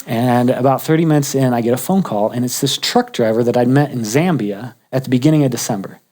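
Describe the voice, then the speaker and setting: A man's voice: mid-range voice, brisk, warm tone. A man casually telling a personal faith story, humorous and chatty, often restarting his sentences. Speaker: guest sharing a faith testimony.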